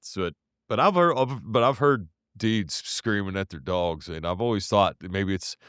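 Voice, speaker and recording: A man's voice: on the low side, normal speed, a bit bright, smooth, dry recording, studio quality. A man co-hosting a casual podcast, rambling through a work story with restarts and swearing. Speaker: podcast co-host, delivery driver.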